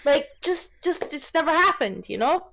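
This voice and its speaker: A woman from Britain chatting on a gaming stream, telling stories in an animated, incredulous way. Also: sits high, normal speed, gravelly. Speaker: streamer guest. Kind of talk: casual gaming stream chat.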